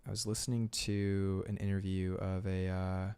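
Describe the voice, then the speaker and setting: A man chatting casually as he sketches on a live stream, relaxed and rambling, with lots of "like"s and filler words. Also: deep voice, normal speed, clean tone. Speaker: illustrator streaming his sketching. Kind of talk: casual chat while drawing on stream.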